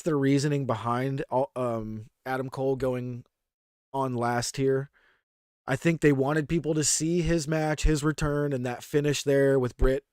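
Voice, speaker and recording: A man's voice: mid-range voice, clean tone, dry recording. Casual male podcast co-host, dry sound. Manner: excited play-by-play recap, casual slang. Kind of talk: casual wrestling review chat.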